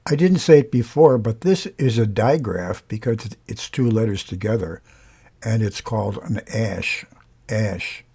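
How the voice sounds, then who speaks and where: A man teaching a lesson on vowels, explaining slowly and demonstrating each sound aloud. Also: fairly low pitch, dark tone, husky. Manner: unhurried, pausing often, demonstrating sounds. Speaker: singing teacher.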